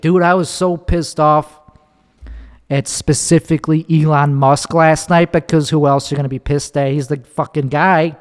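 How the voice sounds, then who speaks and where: A man's voice: on the high side, a little mellow, long reverb tail. A young man, hosting a solo podcast, talking in a sarcastic, profane ramble and acting out other people's voices. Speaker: podcast host.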